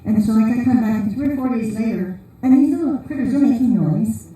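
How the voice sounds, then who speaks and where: A woman's voice: on the high side, fairly quick, mellow. A woman giving an informal conference sermon in a large church hall, telling rambling, humorous stories. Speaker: conference speaker. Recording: very echoey hall, voice from a distance.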